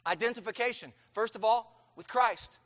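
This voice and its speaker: A man preaching a sermon to a congregation, emphatic, asking rhetorical questions and breaking into forceful outbursts. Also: high-pitched, animated, normal speed, long reverb tail. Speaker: pastor.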